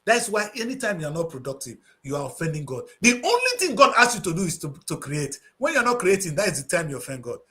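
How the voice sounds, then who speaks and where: A man's voice: a little high, very animated, fast talker, few pauses, bright, forceful tone. A man with a Nigerian accent giving passionate, preachy talk-show commentary, slipping into Pidgin English.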